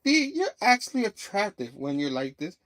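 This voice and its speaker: A man's voice: high voice, huge pitch swings, moderate pace, a bit bright, pitched above the performer's own voice, heavily acted. A man reading a teasing young female lawyer's lines in a flippant tone, lightly voiced.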